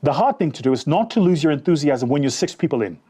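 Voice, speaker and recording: A man's voice: on the high side, fast talker, slightly rough. A man telling a motivational story about sales, speaking straight to his listeners and acting out bits of dialogue. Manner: animated, addresses listeners directly, acts out dialogue.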